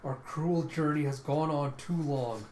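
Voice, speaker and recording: A man voicing a cold, determined young female cyborg warrior who speaks quietly and gravely. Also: a little high, measured pace, a little hiss or hum, natural voice. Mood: sorrowful. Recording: echoey room.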